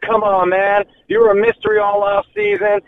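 A man's voice: sits high, little pitch movement, moderate pace. A man calling in to a radio show with a mocking, sarcastic rant. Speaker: caller. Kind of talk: call-in rant. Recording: tinny phone line.

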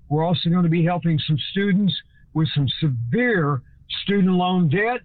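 A man's voice: sits high, no echo. Man talking in a thin phone-like sound. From Texas. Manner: folksy speech-like delivery, shifts between slow and fast. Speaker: host. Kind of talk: scripted talk.

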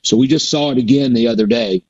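Middle-aged male guest, husky, rambling storyteller, dull lo-fi audio. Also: mid-range voice, fast, a little mellow. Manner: rambling, with many restarts and fillers. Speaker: performer and guest. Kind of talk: casual interview storytelling. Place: performs a resident show in a Mississippi theater.

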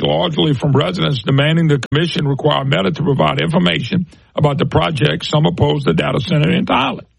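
A man's voice: fairly high pitch, creaky, husky, dry recording, low-quality recording. A man hosting a talk show, giving emphatic, folksy commentary and speaking to listeners as folks.

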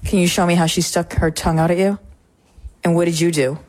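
A woman in her thirties co-hosting a radio show, telling a family story in a chatty, animated way. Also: on the low side, brisk, no echo. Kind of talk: morning radio chat.

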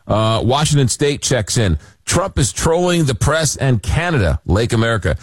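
A man's voice: lowish voice, no room sound. A man hosting a late-night call-in radio show, reading listener messages and stumbling through restarts. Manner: reads listener messages, halting with many restarts. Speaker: radio talk show host.

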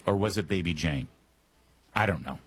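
A man's voice: deep voice, lively intonation, normal speed, breathy edge. A man hosting a talk radio show, delivering a joking monologue full of wry asides and puns. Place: Washington, D.C. studio.

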